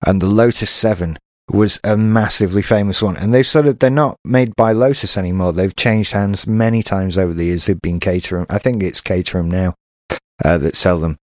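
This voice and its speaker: A man with an English accent and a fairly low voice, talking casually about old television. His delivery is chatty and dry, close to the mic with no room sound at all. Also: no room sound. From England. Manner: chatty and wry, with dry asides. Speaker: podcast co-host. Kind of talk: casual chat.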